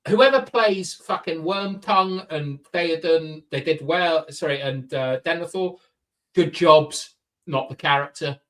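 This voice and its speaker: A man's voice: a little high, measured pace, fairly bright tone, low-quality recording. A man chatting casually as a podcast guest, opinionated and full of fillers, from the countryside. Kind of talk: casual chat.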